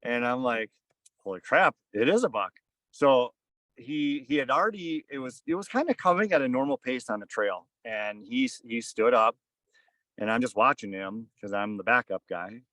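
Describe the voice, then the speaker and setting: A man's voice: medium pitch, normal speed, bright, forceful tone, no echo. Rambling man telling a story, dry sound. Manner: rambling, lots of "kinda" and "like". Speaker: podcast guest. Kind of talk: casual storytelling. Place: on a fishing boat.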